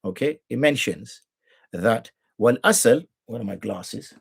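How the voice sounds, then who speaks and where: A man's voice: medium pitch, expressive, a little slow, gravelly, breathy edge. A middle-aged man teaching rules of prayer on a live show, arguing his points with rhetorical questions and imitating the people he corrects. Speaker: Islamic jurist teaching.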